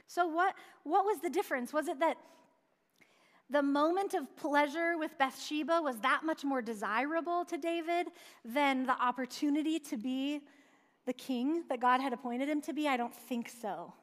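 A woman with a high voice delivers a sermon in an easy, conversational manner. She keeps asking rhetorical questions and slips in light asides. Her voice rings out with a long hall reverb. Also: normal speed. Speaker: preacher.

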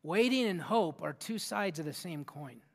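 A man preaching a sermon as a youth pastor in a church hall, energetic and interactive, often asking the audience questions. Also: a little high, normal speed, vocal fry. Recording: long hall reverb with faint music.

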